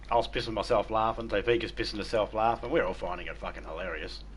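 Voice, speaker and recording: A man's voice: lowish voice, slight background noise. An Australian man chatting casually while streaming a game, crude and swearing heavily as he tells stories. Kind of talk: casual chat while gaming.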